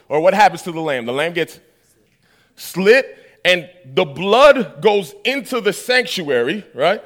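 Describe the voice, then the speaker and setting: A man's voice: high-pitched, a bit bright. A man preaching a sermon, telling a story with acted-out dialogue and asking the audience questions.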